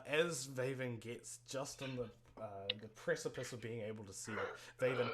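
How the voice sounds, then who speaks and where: A man runs a tabletop game as game master, his narration halting and full of fillers and restarts. His voice sits at an ordinary middle pitch. A steady hiss of background noise runs under a home microphone. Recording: noisy home mic.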